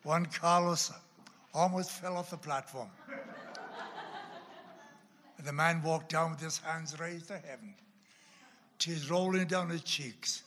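A man, a pastor, telling a story in an animated sermon and breaking into loud bursts now and then. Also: fairly high pitch, slow pace, pauses often, big-room sound, a little hiss or hum. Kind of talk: storytelling sermon at a church class.

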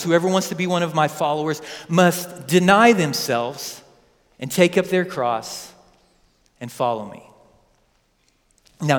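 A man preaching a sermon, retelling scripture with lively asides to his congregation in a church. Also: fairly high pitch. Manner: animated storytelling with asides to the congregation. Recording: long hall reverb.

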